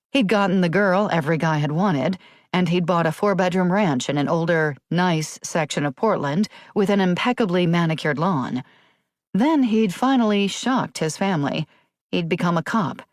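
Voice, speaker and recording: A woman narrating a crime thriller audiobook in a steady, measured read. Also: on the low side, dry recording, studio quality.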